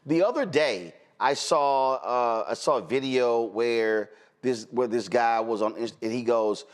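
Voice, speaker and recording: A man's voice: mid-range voice, measured pace, clean tone. A middle-aged man from Houston hosting a talk show, arguing his point in an emphatic, opinionated way. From Houston, Texas. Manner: emphatic, argumentative, animated.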